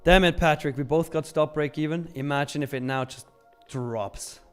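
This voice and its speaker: A man's voice: on the high side, normal speed, fairly bright tone, clean tone, faint music behind. A man hosting a live trading stream, talking casually and joking as he reads out chat messages.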